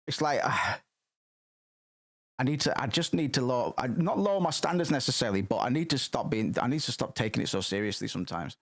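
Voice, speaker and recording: A male streamer chats casually as he reacts to tracks. His talk rambles, jumps quickly into excitement, and is full of swearing. His voice sits at a medium pitch, with faint music behind him.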